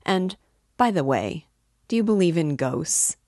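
A sly middle-aged landowner, read by a woman rambles in a confiding, oddly offhand way. The voice sits low and moves slowly. The sound is dry and close. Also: big pitch swings, darkish tone, no echo. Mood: musing. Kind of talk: reading a novel aloud.

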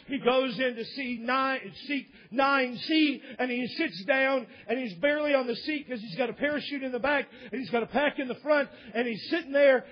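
A man preaching a sermon, telling a parable with acted-out voices and often shouting. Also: extremely high pitch, breathy edge, lo-fi sound. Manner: animated storytelling, often shouting.

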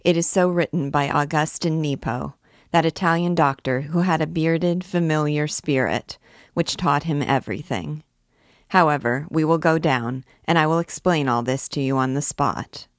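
A woman's voice: deep voice, moderate pace, no room sound, clean studio sound. A woman voicing a scornful, brooding male archdeacon, a priest, in a clipped way.

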